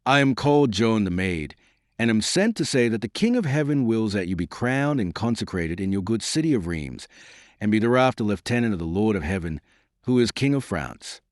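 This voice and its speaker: A man voicing a steadfast, devout young peasant maiden in an audiobook, speaking softly and solemnly. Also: on the low side, sing-song, normal speed, no room sound, studio quality. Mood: earnest. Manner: soft, earnest and solemn.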